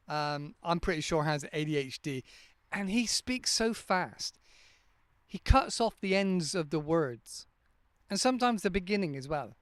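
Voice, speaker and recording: A man talks in a smooth, resonant voice pitched a little high for a man. He explains pronunciation patiently, sounding words out one at a time. The sound is dry and close, from a handheld microphone. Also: no echo. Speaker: English teacher and podcast host. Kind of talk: casual podcast monologue.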